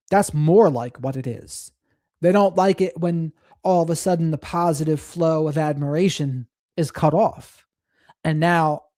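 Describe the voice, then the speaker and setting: A man's voice: a little high, mellow, no room sound, studio quality. A man hosting a live stream, commenting on clips in a reflective way and reading and thanking viewers from the chat.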